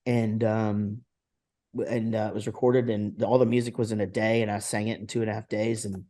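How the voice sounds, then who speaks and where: A man's voice: fairly low pitch, level tone, brisk, mellow. A middle-aged man from Texas, a guest musician, talking in a casual interview, rambling with plenty of fillers and restarts. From Texas, USA.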